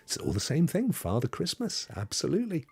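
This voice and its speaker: A man's voice: fairly high pitch, huge pitch swings, a little fast, vocal fry, breathy edge, no echo. A man from Devon, hosting a casual livestream chat and rambling playfully with viewers. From Devon, England. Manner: rambling, playful, spins tall tales. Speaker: host.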